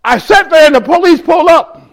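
A man with a strikingly high voice delivers a testimony sermon to his congregation. He talks in a raw, street-casual way and speaks straight to the people in the room. His telling turns openly emotional and swells into shouts. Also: animated, a little fast. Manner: addresses listeners directly in the room. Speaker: ministry speaker giving testimony.

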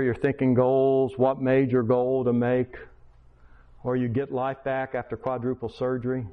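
A man's voice: medium pitch, monotone, measured pace, narrow, tinny audio. A man in his sixties telling a personal story in a sermon, acting out the dialogue and building to emphatic preaching. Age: 60s. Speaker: Christian speaker, schoolteacher. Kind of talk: testimony sermon.

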